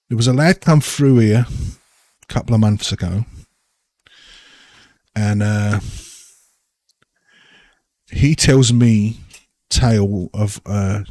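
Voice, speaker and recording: A man voicing a jovial, well-liked male townsman who bargains hard for profit, by turns booming and conspiratorial. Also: darkish tone, no room sound. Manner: boisterous, then leaning in to bargain.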